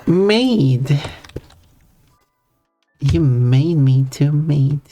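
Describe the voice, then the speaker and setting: A streamer chatting casually during a drawing session, talking slowly and unhurriedly at a mid pitch. Sentences often stall, restart and trip over themselves while the streamer reads out and answers chat messages. Soft music plays faintly underneath. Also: expressive. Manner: rambling, frequent restarts and stammers. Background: faint background music.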